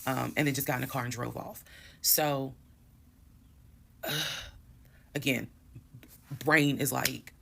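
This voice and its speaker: A woman vlogger telling her own story to viewers in a casual, animated and emphatic way, swearing bluntly. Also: a bass voice, slow, gravelly, long pauses.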